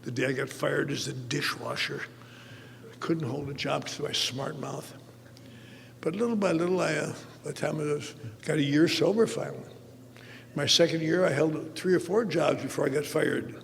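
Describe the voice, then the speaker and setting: An older man with a gravelly, fairly high voice tells wry, funny stories at a recovery meeting, acting out the dialogue as he goes. He is recorded live in a large convention hall, with a long reverb and faint noise in the background. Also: steady tone, normal speed. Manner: wry, acts out dialogue in the story. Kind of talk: humorous storytelling talk.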